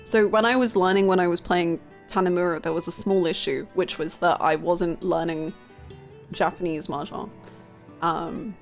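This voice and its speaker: Chatty woman streamer over faint game music. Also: on the low side. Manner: chatty, self-mocking, reads and answers chat aloud. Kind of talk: casual live-stream chat while gaming.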